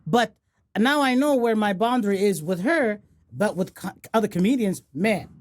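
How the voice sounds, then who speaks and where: A woman's voice: mid-range voice, lively intonation, normal speed. A woman raised in the Gulf, co-hosting a casual podcast chat as a comedian, rambling with many restarts and fillers. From United Arab Emirates.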